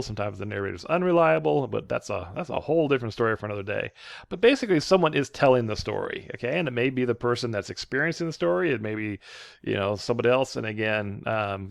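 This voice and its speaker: A man's voice: mid-range voice, creaky, no room sound, clean studio sound. A man who teaches writing, giving a casual, rambling lecture full of fillers and restarts. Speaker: writing professor. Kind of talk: lecture with slides.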